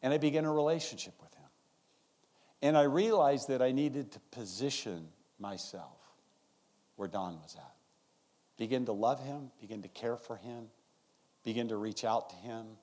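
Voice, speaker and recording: A man's voice: medium pitch, normal speed, long pauses. A man and guest pastor preaching a sermon in a church service, acting out his stories. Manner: animated storytelling, acting out scenes.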